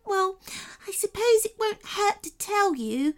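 A tiny, sniffly fairy girl with a very high, wavering voice, as a woman reads her lines. She sounds small and airy, speaking slowly in a storybook way. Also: animated, faint music behind. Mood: tearful. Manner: sniffly, sad. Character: tearful little fairy, female.

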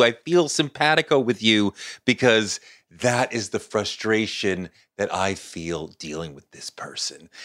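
A man's voice: medium pitch, fairly bright tone, no echo. Earnest podcast host man, dry sound. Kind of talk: scripted introduction and interviewing.

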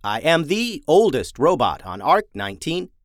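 A man voicing a timid old male farm repair robot with a halting, stuttering robot voice and slow, stiff, repetitive phrasing. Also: fairly high pitch, sing-song, no echo, clean studio sound, voice pushed up. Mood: plain.

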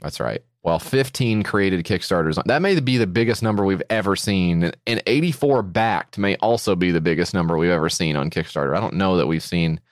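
A man's voice: deep voice, fairly quick, few pauses, dry recording, studio quality. A man co-hosting a podcast in casual comedy chat, joking, swearing casually and playing mock-indignant. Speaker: podcast co-host.

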